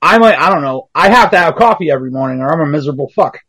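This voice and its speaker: Husky, blunt man on a podcast. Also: on the high side, animated, racing, fairly bright tone. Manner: blunt, swears freely. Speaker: podcast co-host. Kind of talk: casual chat.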